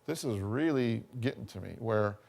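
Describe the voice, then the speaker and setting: A man's voice: fairly low pitch, expressive, moderate pace, gravelly, a little mellow. A man giving a college workshop talk, chatty and full of anecdotes, often checking in with "you know" and "okay?". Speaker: workshop speaker.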